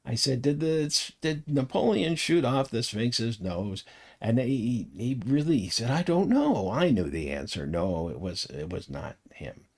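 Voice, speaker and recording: A man's voice: mid-range voice, measured pace, husky. A middle-aged man talking casually about tarot cards, rambling from one anecdote to the next. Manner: rambling, anecdotal, animated when telling stories. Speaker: tarot reader and teacher.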